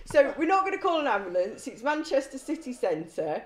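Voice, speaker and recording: A woman's voice: high voice, big pitch swings, moderate pace, noisy background. Woman, ex prison governor, swears a lot, laughs mid story, echoey room. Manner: blunt, swears freely, laughs through anecdotes. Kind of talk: storytelling in conversation. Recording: roomy echo.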